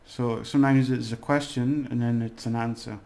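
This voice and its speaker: A man's voice: mid-range voice, steady tone, moderate pace, creaky, warm tone. A man teaching a casual video lesson, rambling and hesitant, with fillers and small jokes. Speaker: language teacher.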